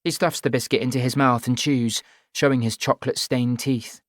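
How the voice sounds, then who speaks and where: A man narrates a first-person audiobook, his mid-range voice measured and even as he tells the story. The studio-quality recording has no room sound.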